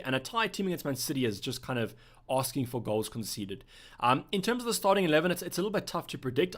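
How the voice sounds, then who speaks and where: A young man from South Africa hosts a casual live stream at a mid pitch. He answers viewer questions in a relaxed, thinking-aloud way. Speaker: livestream host.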